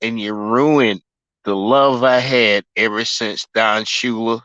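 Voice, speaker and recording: A man's voice: lowish voice, fairly even intonation, slow pace, sharp tone, clear, resonant tone, dry recording, muffled recording. Fuming man ranting on a livestream. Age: 40s. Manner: fuming, swearing, emphatic. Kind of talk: ranting sports livestream chat.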